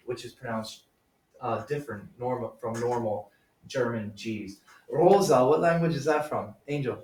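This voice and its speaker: Guy teacher explaining stuff to a class, kinda high voice, echoey room, mic far away. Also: moderate pace, slight background noise. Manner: patient, explanatory, calls on students by name. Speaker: German teacher.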